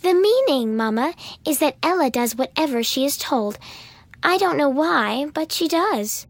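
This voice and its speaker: A woman's voice: high voice, lively intonation, a little slow, dry recording. A woman voicing a smug, spiteful young stepsister who talks in a bossy tone in a storybook reading.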